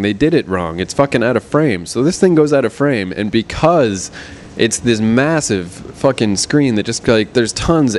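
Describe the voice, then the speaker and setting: A man who works as a projectionist hosts a show and rants casually, swearing constantly. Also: on the low side. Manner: swears constantly, irritated ranting. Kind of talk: casual profane rant.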